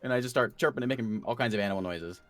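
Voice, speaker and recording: A man's voice: medium pitch, racing, fairly bright tone, soft background music. A man playing a tabletop game, describing his character's actions with hesitant restarts. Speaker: player.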